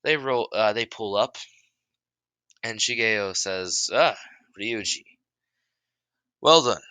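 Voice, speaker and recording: A man improvising a story as narrator, halting with many restarts and fillers. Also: lowish voice, sharp tone, clear, resonant tone, no echo.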